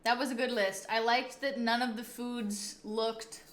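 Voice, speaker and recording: Bright-voiced chatty woman streamer. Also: a little high, level tone, a little slow, echoey room. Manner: chatty, rambling reactions. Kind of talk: casual livestream chat.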